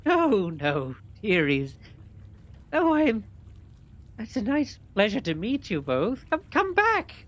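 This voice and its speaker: A cunning old hag disguised as a kindly granny, calling out in a sugary, shrill voice that swoops high above its usual pitch, as a man puts her on. She sounds falsely gentle and a little louder than the rest of the table talk in this tabletop game. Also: huge pitch swings, slow, heavily acted. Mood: coaxing. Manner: sweet, coaxing, high. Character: sly old female hag posing as a granny.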